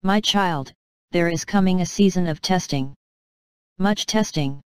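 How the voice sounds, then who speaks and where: A woman voicing a loving fatherly king who speaks solemnly and gently in a storybook reading. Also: fairly low pitch, measured pace, smooth, dry recording, lightly acted. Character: loving fatherly old male king, grave and tender.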